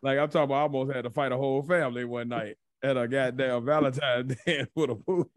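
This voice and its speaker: Young male co-host, animated and profane storyteller, dry close sound, mid-pitched voice. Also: fast talker, dry recording. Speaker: podcast co-host. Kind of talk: casual chat.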